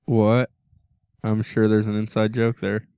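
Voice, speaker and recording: A man's voice: on the low side, monotone, measured pace, warm tone, smooth, no room sound. A man co-hosting a casual podcast with his wife, chatting loosely and chuckling often. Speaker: podcast co-host.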